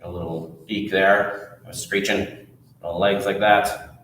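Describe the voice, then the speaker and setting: A man telling a folk tale at a library storytime, animated and drawing pictures as he goes. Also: sits low, a little slow, noisy background. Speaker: children's storyteller. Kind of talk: storytime read-aloud. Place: library room. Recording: echoey room.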